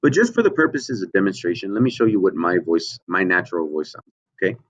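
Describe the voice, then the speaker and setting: A man leads a children's music lesson over a computer mic, his speaking voice low and patient. He keeps checking in with his young students after every step. The audio is dull and lo-fi. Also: sing-song, quick pace. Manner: patient, repeats "okay?" often, checks in with the children. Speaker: music teacher.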